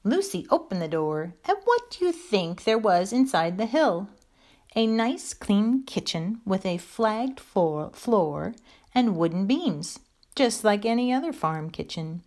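A woman reading a children's story aloud in a gentle, expressive way. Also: medium pitch, a little slow.

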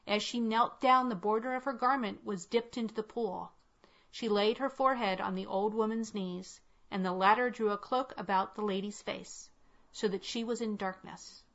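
A woman narrating a classic tale in a measured, unhurried reading. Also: medium pitch, fairly even intonation, a bit bright. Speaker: audiobook reader. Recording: dull lo-fi recording.

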